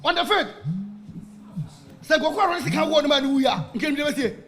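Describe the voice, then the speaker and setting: A Ghanaian-accented football supporter talks with passion on the radio, switching between Twi and English in an animated, emphatic way. His voice is very high-pitched and fairly quick.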